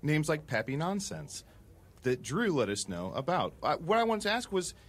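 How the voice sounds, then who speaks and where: A man's voice: fairly high pitch, big pitch swings, normal speed, a bit bright, heavily acted. A man playing a blunt, crude male talking badger who co-hosts an improvised comedy podcast. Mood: teasing. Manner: blunt, swearing, mock-concerned. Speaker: co-host.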